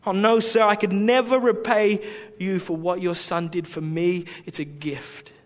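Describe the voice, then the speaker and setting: A man's voice: high-pitched, fairly even intonation, unhurried. A man voicing a humble, grateful young soldier inside a sermon story. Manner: humble, modest. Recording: long hall reverb.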